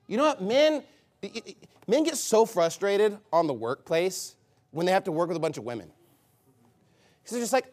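Preaching as a pastor, a man scolds bluntly, lurching from loud emphasis to quiet asides. His delivery is sing-song, at normal speed.

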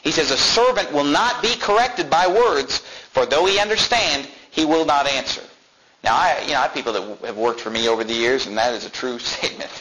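A male pastor preaching a sermon, reading verses slowly and then explaining them with emphasis. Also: fairly high pitch, pushed and bright, low-quality recording.

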